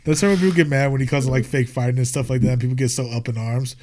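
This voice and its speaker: Young American man, podcast guest. Relaxed, rambling, swears freely, mid-range voice. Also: medium pitch, fast talker, slight background noise. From United States. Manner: profane, laid-back, rambling. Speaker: podcast guest, skate filmer and wrestler. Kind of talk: casual podcast chat.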